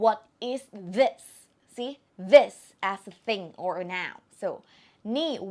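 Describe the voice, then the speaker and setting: A woman with a Thai accent teaching an online language lesson, speaking slowly and carefully and repeating words to model their tones. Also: medium pitch.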